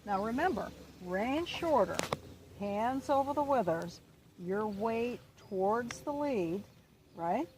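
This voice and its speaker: A woman riding instructor, calm and encouraging as she coaches a rider through an outdoor lesson. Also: on the high side, takes it slowly, a little hiss or hum.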